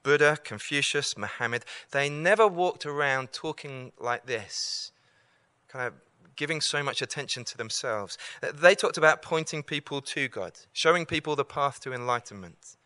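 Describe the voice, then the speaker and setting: A man's voice: medium pitch, moderate pace, bright, forceful tone, clear, resonant tone, no room sound. A man giving an evangelistic talk to students, earnest and repeating key lines for emphasis. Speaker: campus preacher.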